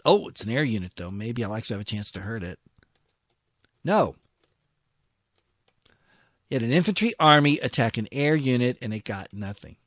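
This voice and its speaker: A man's voice: medium pitch, lively intonation, normal speed, long pauses, fairly bright tone, dry recording, clean studio sound. A man commentating his own strategy war game, talking to his units and grumbling when attacks go wrong. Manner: muttering, self-talking, grumbling at setbacks. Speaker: gameplay commentator.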